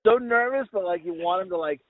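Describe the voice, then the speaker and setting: A man's voice: high-pitched, a little fast. A man co-hosting a podcast in casual chat, joking crudely and laughing a lot. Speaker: podcast co-host. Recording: tinny phone-like sound.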